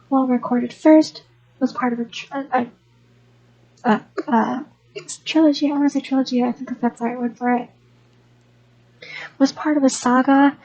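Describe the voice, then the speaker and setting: A young woman rambles through an unscripted voice-over for her gaming channel, and she often stops to restart her sentences. Her voice sits high, yet it sounds mellow and a little husky. The home mic gives a dull, lo-fi sound. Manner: rambling, chatty, many restarts.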